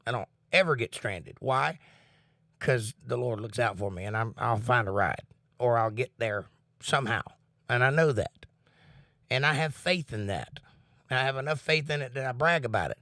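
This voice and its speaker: Speaking at normal speed in a medium-pitched voice, a livestream host at home earnestly discusses faith and reads his chat aloud. The recording is studio quality with no echo, and he sounds relaxed.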